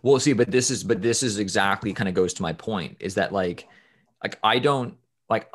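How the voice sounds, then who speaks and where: A man's voice: fairly low pitch, moderate pace. A man talking emphatically on a podcast, swearing freely and restarting his sentences often. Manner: emphatic, profane, restarts a lot. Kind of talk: casual podcast conversation.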